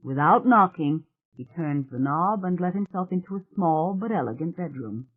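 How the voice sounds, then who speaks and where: An audiobook narrator reading a thriller novel in a measured, even storytelling manner. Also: medium pitch. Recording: tinny phone-like sound.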